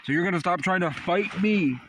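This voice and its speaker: A man in a comedic outdoor rant by a tent at night near a river, profane and rambling as he yells and taunts an animal. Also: high-pitched, a little fast, a little hiss or hum.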